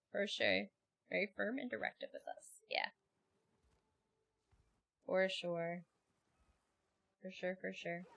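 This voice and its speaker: A woman's voice: medium pitch, creaky, a bit bright. A woman streamer in casual chat, laughing often and talking freely with viewers and her co-host. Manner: giggly, chatty, laughs often.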